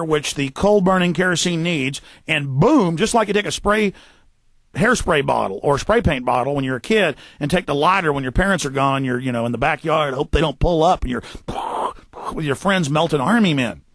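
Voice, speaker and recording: A man hosting a radio talk show, ranting fast and forcefully, tripping over repeated words. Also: on the high side, no room sound. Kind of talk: heated radio monologue. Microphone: studio microphone.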